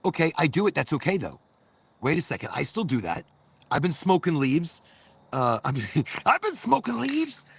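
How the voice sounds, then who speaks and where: A man with a gravelly, husky voice hosts a loose, rambling chat. His pitch sits a little high and swings widely as he swears his way through stories. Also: very animated, moderate pace. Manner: loose, profane, rambling storyteller. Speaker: host. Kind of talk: casual chat.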